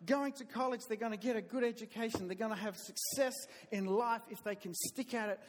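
A middle-aged man with a Southern US drawl preaches from the pulpit in a fairly high voice, telling folksy stories about himself. He stumbles and restarts now and then, and his words ring out with a long reverb in a church sanctuary. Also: brisk, a little hiss or hum. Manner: folksy, self-deprecating storytelling with hesitant restarts. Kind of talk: sermon.

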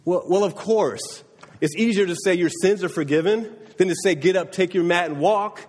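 A man's voice: sits high, normal speed, a little mellow, long reverb tail. A man preaching a sermon in a conversational way, often checking in with his listeners. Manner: conversational, often asking "right?". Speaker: pastor.

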